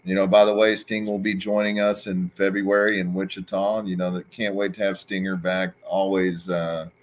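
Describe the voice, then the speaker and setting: A man's voice: deep voice, level tone, moderate pace. A man hosting a casual interview, chatty, laughing easily and prompting his guest for stories. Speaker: host.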